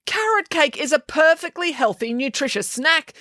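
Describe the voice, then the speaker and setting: A woman's voice: extremely high pitch, wildly swooping pitch, measured pace, bright, forceful tone, no echo, clean studio sound, voice pushed up, exaggerated voice. Woman doing a flustered male headmaster. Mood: protesting. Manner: protesting, exasperated.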